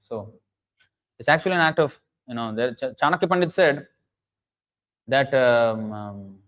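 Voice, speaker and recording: A man's voice: medium pitch, animated, measured pace, a bit bright, poor audio. Earnest man preaching. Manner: emphatic, earnest, with frequent restarts and chanted Sanskrit verses. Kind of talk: sermon lecture.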